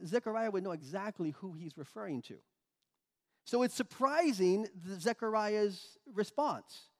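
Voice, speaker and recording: Male preacher, high voice, emphatic teaching delivery, long reverb. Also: animated. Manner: explanatory, emphatic, pauses and restarts. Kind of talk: sermon.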